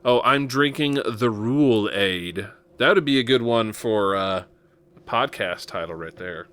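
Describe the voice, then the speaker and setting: A man's voice: fairly low pitch, animated, a little slow, a bit bright, clear, resonant tone. A man from Nebraska hosting a podcast in casual chat, rambling with lots of fillers and chuckles. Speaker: podcast host.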